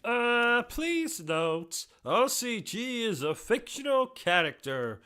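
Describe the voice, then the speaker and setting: A man's voice: extremely high pitch, big pitch swings, slow, bright, forceful tone, smooth, heavily acted. A man voicing a meek, dim-witted male manservant who talks in hesitant, puzzled bursts. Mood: timid.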